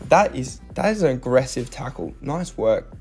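A man's voice: mid-range voice, very animated, moderate pace, darkish tone, soft background music. Chatty young Australian man coaching. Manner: chatty and self-deprecating, many fillers. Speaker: footballer narrating his own game footage. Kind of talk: casual voice-over commentary with coaching tips.

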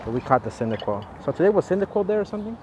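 A man doing a casual live walking vlog while playing a mobile game, chatty and profane, with loud exasperated outbursts. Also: sits high, big pitch swings, racing, dull audio. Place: outdoors on a city street, walking. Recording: noisy city street, traffic behind.

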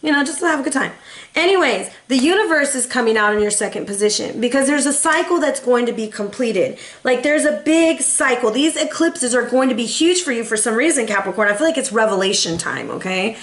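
A woman in her thirties reads tarot in a chatty, heartfelt way, wandering into asides. Her voice sits a little high. The room around her is echoey. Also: animated, brisk. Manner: chatty and emotional, with rambling asides. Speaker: tarot reader. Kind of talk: casual tarot reading.

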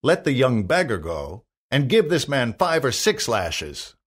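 A man's voice: medium pitch, big pitch swings, a little slow, a bit bright, breathy edge, exaggerated voice. A man voicing a cruel, scheming nobleman in a storybook reading, with a cold, mocking manner.

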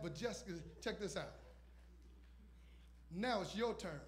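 Brief: man, 50s, pastor, sermon delivery, high voice, emphatic repetition. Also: lively intonation, a little slow, pauses often. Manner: emphatic preaching with repetition and call-outs.

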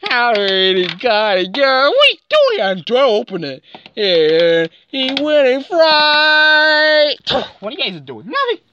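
Woman acting out a toy scene with wild pitch swings. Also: sing-song, takes it slowly, sharp tone, muffled recording, a little hiss or hum. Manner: acts out toy characters with sudden squeaky jumps in pitch. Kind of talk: playing out a toy scene aloud.

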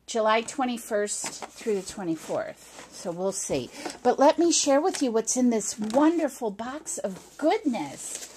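A middle-aged woman chats casually to camera as she opens a package. She speaks slowly and gushes with delight. Her voice sits high and swings widely. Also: a little hiss or hum. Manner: gushing and excitable, with squeals of delight. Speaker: crafting vlogger. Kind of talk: casual unboxing chat to camera.

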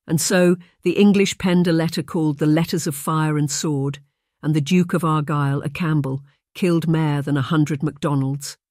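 A narrator reads a proud, solemn little Scottish lad with a broad Scots way of speaking, plain and matter-of-fact. The voice sits at a middle pitch. The recording is dry and close. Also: steady tone, normal speed, a little mellow, dry recording, lightly acted. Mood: earnest. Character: young red-haired Scottish boy, solemn and proud. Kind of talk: audiobook character voice.

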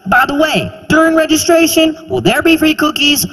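A man's voice: very high voice, moderate pace, a bit bright, voice pushed up. A man voicing a teenage boy applying to college, earnest in tone but crude, on a reverberant live stage. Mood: mock-earnest.

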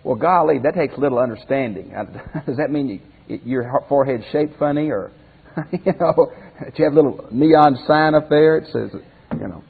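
A man's voice: fairly high pitch, moderate pace, creaky, breathy edge. Folksy male Bible teacher, tinny hall. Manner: folksy, asks rhetorical questions. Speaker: pastor teacher. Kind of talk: Bible commentary lesson.

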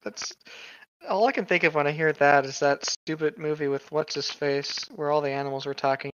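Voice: medium pitch, steady tone, brisk, clear, resonant tone, dry recording, muffled recording. A podcast co-host chatting casually, laughing often and saying "like" a lot.

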